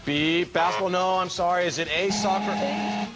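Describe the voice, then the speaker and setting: A man running quiz rounds on a live TV game show, playful and brisk, calling out answers. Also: high voice, fairly even intonation, loud music behind the voice. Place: TV studio with live audience.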